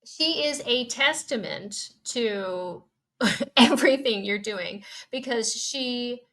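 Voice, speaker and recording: A woman's voice: fairly high pitch, slow pace. A woman guest on a podcast, chatting enthusiastically and laughing along. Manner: warm, enthusiastic complimenting, laughs often. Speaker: podcast guest, emergency doctor. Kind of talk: casual interview chat.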